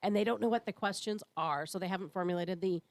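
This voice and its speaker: Fast-talking woman co-host. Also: medium pitch. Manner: quick, blunt interjections. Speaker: radio co-host. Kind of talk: talk radio banter.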